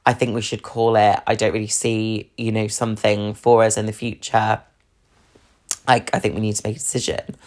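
A woman's voice: extremely low pitch, little pitch movement, moderate pace, a little mellow. A young British woman hosting a podcast, telling a dating story in a chatty, swear-filled way with lots of fillers and laughs. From England. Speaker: podcast host. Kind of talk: casual storytelling about dating.

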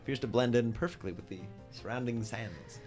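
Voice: mid-range voice, a little fast, darkish tone, soft background music. A game master narrating a tabletop game in a playful way, sometimes chanting creature noises.

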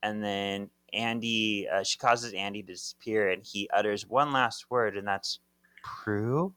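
A young man co-hosting a podcast, retelling a comic in casual chat, animated and laughing often. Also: on the low side, moderate pace, clean tone, no echo. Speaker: podcast co-host.

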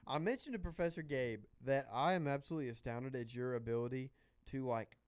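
A man's voice: mid-range voice, fairly quick, clean tone, no room sound. A man co-hosting a podcast in eager, casual chat. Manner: eager, says dude a lot. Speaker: podcast co-host.

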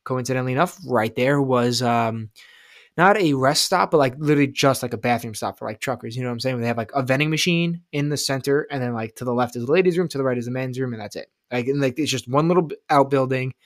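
Male co-host, casual podcast chat, profane and animated, mid-pitched, dry close sound. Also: fast, dry recording. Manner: profane, animated, rambling, acts out quotes loudly.

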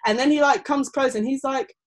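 A young woman, chatting casually and telling stories, often acting out other people's voices. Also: fairly quick. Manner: animated storytelling, acting out quoted people in high voices. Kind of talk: casual chat.

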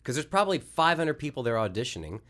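A male voice actor chatting as a podcast guest, his voice sitting at an ordinary middle pitch. He rambles, restarts his sentences and laughs at his own stories. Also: big pitch swings, fast talker, a bit bright. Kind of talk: casual podcast interview.

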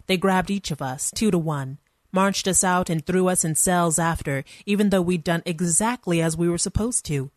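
A woman's voice: lowish voice, moderate pace, dry recording, studio quality. A woman narrating a first-person story in a wry, conversational manner.

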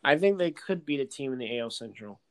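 Man, casual sports chat, rambling, filler-heavy, excitable, mid pitch. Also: quick pace, slight background noise. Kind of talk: casual sports chat while playing a video game.

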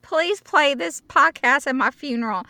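A woman with a high, bright voice co-hosts a casual podcast. She talks playfully and jokes with her friend. The sound is close and dry. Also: expressive, measured pace, dry recording. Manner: playful, joking, puts on silly voices. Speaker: podcast co-host. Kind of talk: casual chat.

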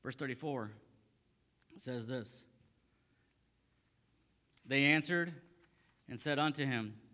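A man's voice: mid-range voice, slow, pushed and bright, long reverb tail. A man preaching a sermon as a pastor, reading scripture aloud and then restating it in plain talk with frequent fillers and repeated phrases. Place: church sanctuary.

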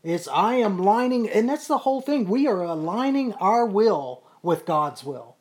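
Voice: medium pitch, sing-song, measured pace, darkish tone. A person leading a casual Bible study, explaining scripture earnestly with frequent repeats and restarts. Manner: earnest, repetitive, self-correcting.

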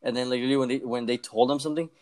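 Young male podcast co-host, rapid casual storyteller, profane, mimics others. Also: mid-range voice, steady tone, darkish tone. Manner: fast, profane, acts out quoted voices.

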